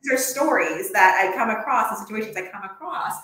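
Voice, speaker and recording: A woman's voice: mid-range voice, animated, brisk, pushed and bright. A young adult woman from the United States, speaking passionately in a conversational interview, with many ums and restarts. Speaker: podcast guest. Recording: very echoey room.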